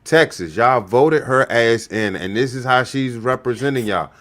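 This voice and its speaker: Man, stream host, profane, mocking, heated, mid-pitched voice. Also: normal speed, a bit bright. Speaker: show host reacting to clips. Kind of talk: livestream commentary.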